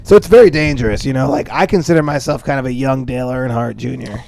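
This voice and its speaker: A man's voice: medium pitch, fast, gravelly, a little mellow. A young man from the upper Midwest co-hosting a podcast, rambling in a mock-serious, swearing comedic chat. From upper Midwest of the United States. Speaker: podcast co-host.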